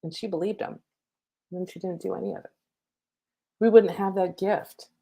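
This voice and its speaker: A woman's voice: medium pitch, steady tone, moderate pace, vocal fry, mellow. A middle-aged woman, a spiritual coach, giving a live-streamed lesson from home on her laptop mic, casual, chatty and cheerfully profane.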